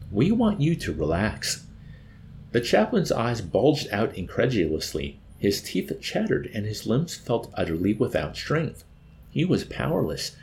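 A man narrating an audiobook with an expressive, dramatic reading. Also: on the low side, slight background noise.

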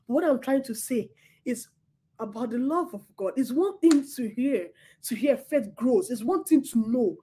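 High-voiced woman preaching with passion. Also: animated, a little slow, warm tone, slight background noise. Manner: impassioned, repeats words, laughs and breaks into near-crying. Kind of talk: sermon.

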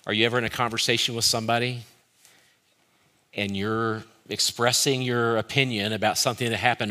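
Bright-voiced man preaching a sermon. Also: medium pitch, a little fast. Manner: animated preaching, swinging between loud bursts and quiet emphasis. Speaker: pastor. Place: church service streamed online.

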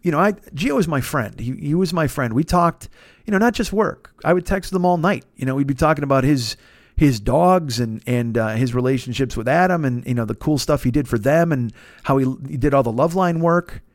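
A man's voice: fairly high pitch, animated, a little fast, dry recording. Fifty-something guy rambling thru a story on his podcast, cusses constantly, trips over his words, dry close mic. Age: 50s. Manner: profane, rambling, frequent restarts and self-interruptions. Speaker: comedian podcast host. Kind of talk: casual storytelling monologue.

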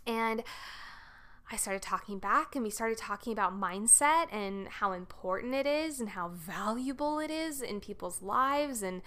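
A woman's voice: a little high, a little slow, bright, forceful tone. A woman hosting a podcast, telling a personal story casually and earnestly, with lots of "like" fillers. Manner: chatty, frequent "like" fillers, earnest. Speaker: podcast host.

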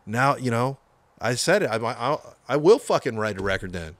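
A man from the San Francisco Bay Area, a metal guitarist telling his band's story in a casual, profane, animated way, acting out what people said. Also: mid-range voice, fairly quick, no room sound. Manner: profane, animated storyteller, acts out quoted voices.

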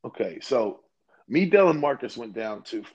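A young man co-hosts a podcast and tells rambling stories full of swearing. His voice sits at an ordinary pitch and swings widely up and down as he talks. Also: very animated, normal speed, darkish tone, husky, lo-fi sound. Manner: profane, rambling storyteller. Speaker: podcast co-host. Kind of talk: casual chat.

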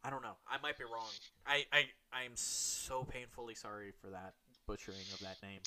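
Bright-voiced man swearing casually. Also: medium pitch, fairly quick. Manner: profane, laughs often. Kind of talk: casual chat.

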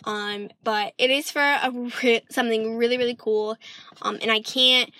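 A woman's voice: fairly high pitch, steady tone, normal speed, background noise. A young woman from Michigan chatting casually in a vlog, rambling with lots of ums and sometimes drifting into a British-sounding lilt. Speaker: vlogger.

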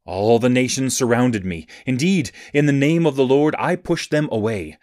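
A man reading scripture aloud in a measured, even reading cadence. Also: medium pitch, no echo, studio quality. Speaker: scripture reader.

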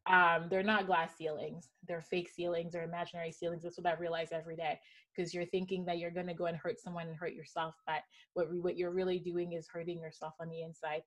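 A woman hosting a podcast panel, talking in an earnest, emphatic storytelling way. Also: on the low side. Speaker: podcast host. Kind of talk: heartfelt panel conversation.

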